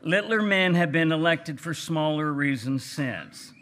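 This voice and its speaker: A man putting on a folksy older Texas gentleman. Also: fairly high pitch, animated, measured pace, slight background noise, pitched above the performer's own voice. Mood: wry. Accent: Texan. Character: older Texas gentleman writer, plainspoken and cranky. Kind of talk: reading aloud at a book event.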